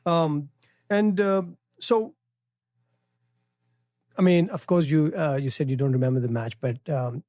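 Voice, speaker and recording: A man's voice: on the high side, a little slow, long pauses, dark tone, no room sound, clean studio sound. A middle-aged man with an Indian English accent, hosting a podcast interview and asking questions with many fillers and restarts. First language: Telugu. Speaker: podcast host. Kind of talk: casual interview.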